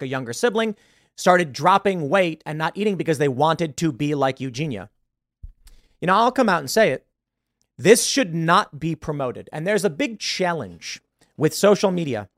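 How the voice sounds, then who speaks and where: A man's voice: fairly high pitch, no echo, clean studio sound. A man hosting a show, giving opinionated solo commentary in an emphatic voice and asking rhetorical questions. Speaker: show host.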